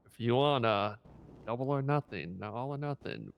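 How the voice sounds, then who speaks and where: A man's voice: medium pitch, lively intonation, normal speed, gravelly. A man in a casual roleplay chat, slangy and stammering at times. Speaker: roleplay fighter.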